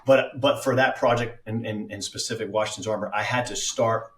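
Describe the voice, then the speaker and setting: A man's voice: on the low side, steady tone, fairly quick, a bit bright, echoey room, recorded from a distance. A man speaking as an actor guest on a casual podcast, reflective, with many fillers and restarts.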